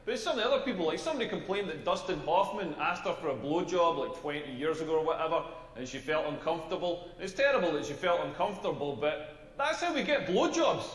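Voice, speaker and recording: An actor playing a crude, brash Scottish stand-up comedian, with a punchline-driven delivery. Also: male voice, a little high, animated, quick pace, a bit bright, echoey room, long reverb tail, recorded from a distance. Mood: cocky.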